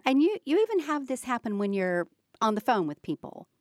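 A woman's voice: a little high, sing-song, brisk, no echo. A woman hosting an interview, chiming in with brief encouraging responses. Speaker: host.

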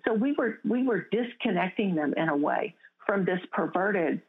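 A woman's voice: medium pitch, animated, normal speed, slightly rough. Earnest woman, tinny phone line. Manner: earnest storytelling with frequent restarts. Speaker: guest. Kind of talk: testimony in an interview.

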